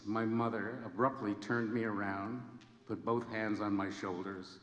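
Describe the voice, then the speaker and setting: A man in his seventies gives an earnest, measured ceremony speech in a large hall. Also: fairly low pitch, fairly even intonation, a bit bright, slight background noise. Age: 70s. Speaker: honorary degree recipient giving a speech. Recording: echoey hall with long reverb.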